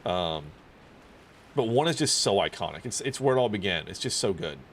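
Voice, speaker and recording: A man's voice: lowish voice, lively intonation, moderate pace, slight background noise. A man streaming a video game, chatting casually and rambling, with lots of fillers and swearing. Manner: rambling, profane, many fillers. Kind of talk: casual chat while gaming.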